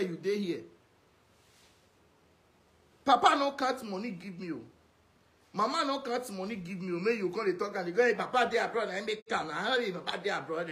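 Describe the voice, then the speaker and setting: A man with a high-pitched voice and a Nigerian Pidgin accent, ranting straight at someone in a video message. He scolds and insults, hammering the same put-downs again and again. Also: a bit bright. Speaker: social media commentator.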